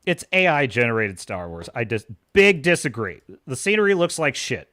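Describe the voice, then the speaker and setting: A man's voice: mid-range voice, big pitch swings, normal speed, few pauses, sharp tone, no room sound, studio quality. A young man ranting scornfully during a live stream, often breaking into laughter as he reacts to reviews.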